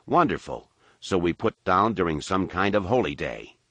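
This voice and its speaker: A man's voice: sits low, animated, normal speed, pushed and bright, no room sound, exaggerated voice. A man voicing a skeptical, grumbling ship captain who mutters his words dryly. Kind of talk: audiobook character reading.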